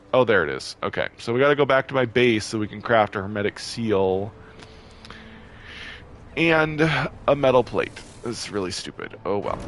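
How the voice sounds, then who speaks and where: Chatty low-voiced man commentating a game. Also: fairly bright tone, slight background noise. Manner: chatty, quickly irritated, laughs often. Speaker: gameplay video host. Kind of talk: casual gameplay commentary.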